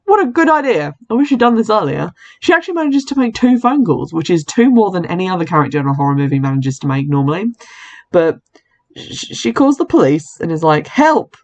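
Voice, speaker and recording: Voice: mid-range voice, big pitch swings, quick pace, a little mellow, highs cut off. A podcast host casually recapping a horror film, chatty, with wry asides and frequent self-corrections.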